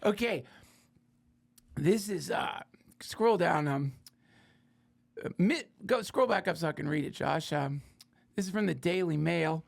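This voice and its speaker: A man's voice: on the high side, a little slow, creaky, long pauses. A man hosting a podcast, riffing in a sardonic, profane, rambling comedic monologue. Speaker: podcast host.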